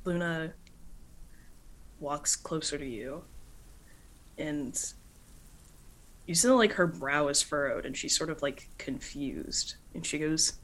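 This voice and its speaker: A woman's voice: low-pitched, slow, long pauses, fairly bright tone. A woman narrating as game master in a casual way, with many filler words.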